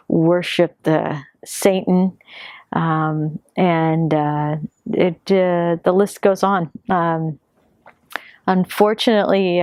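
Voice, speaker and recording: A woman in her fifties from Yemen, sharing her family's story in a hesitant way, pausing often on fillers. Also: fairly low pitch, a little mellow, no echo, studio quality. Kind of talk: personal testimony.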